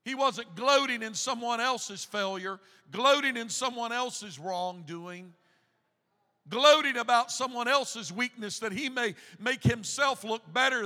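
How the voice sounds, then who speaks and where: Middle-aged male pastor, high bright voice, shouting sermon in a reverberant church hall. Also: measured pace. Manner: preaching with rising, shouted emphasis and repetition. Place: church sanctuary.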